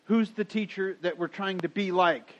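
Speaking at a moderate pace in a high-pitched voice, a middle-aged man preaches as a pastor. His sermon is full of casual storytelling and frequent laughter, and the recording sounds dull and lo-fi.

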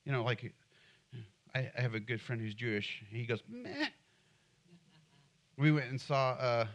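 A man's voice: medium pitch, fairly bright tone. A middle-aged man preaching a sermon in church, conversational and humorous, often asking the congregation questions. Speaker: pastor.

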